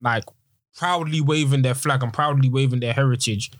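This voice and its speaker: A man in casual chat, talking in a thoughtful, measured way. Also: medium pitch, no echo, clean studio sound.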